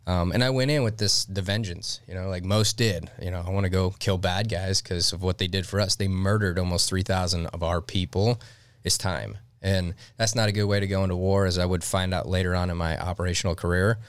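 A man's voice: sits low, fairly even intonation, brisk, clear, resonant tone, no echo. A man in his forties from Detroit, a podcast guest telling his story earnestly. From Detroit, USA. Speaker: podcast guest, former Navy SEAL. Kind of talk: casual interview storytelling.

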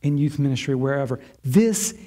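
A man's voice: medium pitch, expressive, normal speed, dark tone. A man preaching a sermon in a church as pastor, emphatic and repetitive, building phrases for effect.

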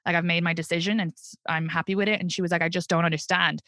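A woman's voice: fairly low pitch, fast, dry recording, studio quality. A woman in her thirties with an Irish accent, a comedian telling personal stories in an interview, blunt and profane. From Ireland. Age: 30s. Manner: blunt and profane, animated storytelling. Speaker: comedian guest. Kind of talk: candid interview conversation.

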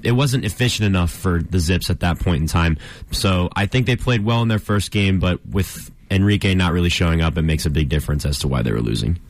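A man's voice: low voice, a little fast, dry recording. A young man co-hosting a radio sports show, trading dry teasing jabs. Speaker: co-host. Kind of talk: casual sports chat.

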